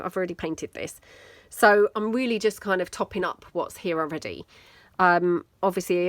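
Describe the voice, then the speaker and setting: A woman's voice: on the low side, a bit bright, dry recording. A British woman hosting a casual crafting video, chatty and self-deprecating as she thinks aloud while she works. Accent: British English. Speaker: mixed media craft video host. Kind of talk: casual crafting tutorial, talking while working.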